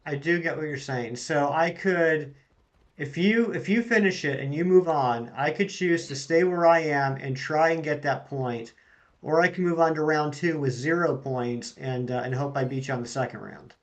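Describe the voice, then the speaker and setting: A fairly high-pitched man hosts his own live game stream in an easygoing way. He chats casually and reads his viewers' messages aloud, answering them as he goes. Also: moderate pace. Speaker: streamer host.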